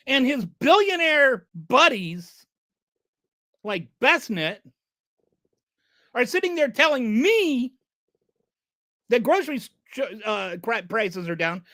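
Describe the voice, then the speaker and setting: Exasperated host in a lively, dry rant. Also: high voice, slow pace, pauses often, no room sound. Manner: exasperated, sarcastic. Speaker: channel host. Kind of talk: ranting political commentary.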